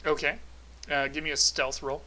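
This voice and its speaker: A man narrating a tabletop game as game master, relaxed and full of filler sounds. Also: on the high side, normal speed, crowd noise, poor audio.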